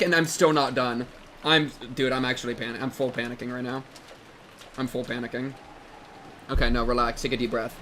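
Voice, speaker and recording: A man in his twenties chatting casually with his stream chat, excitable and jokey, breaking into loud yelps and shouts. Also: medium pitch, normal speed, slight background noise. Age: 20s.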